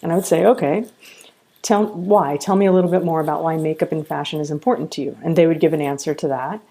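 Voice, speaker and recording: A middle-aged woman with a low, mellow voice tells stories in a podcast interview. She is a college founder and speaks with earnest, animated feeling. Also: fast.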